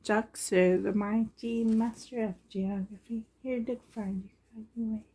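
Slow, gushing woman unboxing dolls. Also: a little high, steady tone, dark tone. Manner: gushing, breathy and delighted. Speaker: reborn doll collector. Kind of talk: unboxing vlog.

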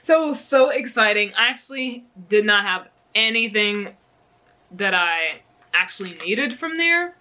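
A woman's voice: medium pitch, animated, a little slow, pushed and bright. A young woman from the US chatting casually in a knitting vlog, bubbly and gushing, often giggling. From United States. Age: young adult. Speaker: knitting vlogger. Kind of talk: casual yarn haul chat.

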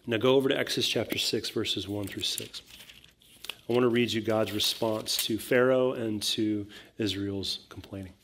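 Conversational pastor preaching a sermon. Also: male voice, on the low side, fairly even intonation, moderate pace, a little hiss or hum. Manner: conversational, acts out voices, builds to loud emphatic preaching.

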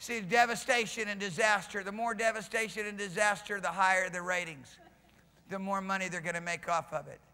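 A male pastor preaching a sermon with fervor, rising at times into shouting. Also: high-pitched, fairly even intonation, fairly quick, smooth, long reverb tail. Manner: impassioned preaching, builds to shouting. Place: church sanctuary.

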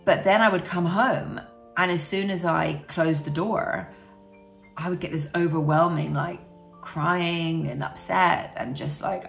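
A woman with a low voice speaks openly and reflectively to the camera about her life as a parent. Her tone is frank, and her sentences are loose and full of "you know". Her voice has a gravelly edge, and soft music plays faintly underneath. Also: fairly even intonation, unhurried. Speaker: parent sharing personal experience. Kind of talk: candid personal talk to camera.

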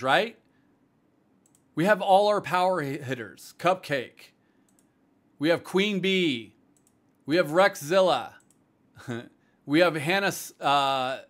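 A man's voice: a little high, fairly bright tone. A man hosting a livestream for a streaming platform, talking casually and bluntly to viewers, rambling with lots of "like" and "um". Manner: blunt and rambling, full of "like", "um" and "bro". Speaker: streaming platform staff host.

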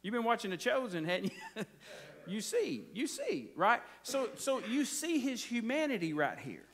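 A man's voice: very high voice, very animated, normal speed, fairly bright tone. A man preaching a folksy, conversational sermon, often checking in with his congregation. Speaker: pastor.

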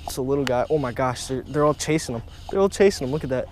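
Fishing at a pond outdoors, a young man chats casually with his viewers, quick to get excited and repeating himself a lot, with "guys" and "oh my gosh" coming up again and again. He speaks fast in a mid-range voice, with a little hiss or hum in the recording.

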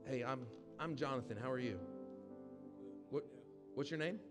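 A pastor preaching a conversational sermon to a live congregation, often asking the room questions. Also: male voice, medium pitch, normal speed, over loud music. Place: church hall with live audience.

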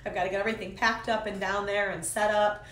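A woman with a croaky, hoarse voice from a cold, hosting a casual livestream and chatting cheerfully with viewers as they join. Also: medium pitch, flat delivery, quick pace, a bit bright. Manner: rambling, upbeat, greets viewers by name. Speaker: host of a live card-making stream. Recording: roomy echo with faint ambient noise.

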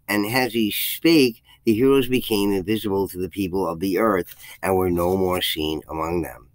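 This is a dry, low-quality recording of a channel host reading a legend aloud in a low voice, moving at a moderate pace with few pauses. His language is archaic, he lifts his voice for dialogue, and he sometimes trips up and begins again. He adds commentary once the folk tale ends.

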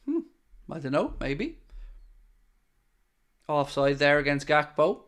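An Irish man with a Dublin accent hosting a live football watchalong, reacting excitedly to the play and chatting back to viewers. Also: fairly high pitch, slow pace. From Ireland. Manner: chatty, answering viewer comments. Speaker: watchalong host.

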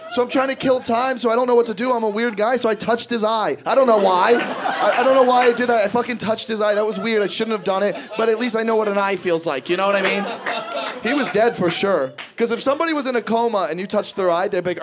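A man performing a stand-up comedy set, telling stories animatedly and swearing freely, his voice jumping high and loud when he acts panicked. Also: quick pace, a crowd in the background. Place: stage in front of a live audience. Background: audience laughter.

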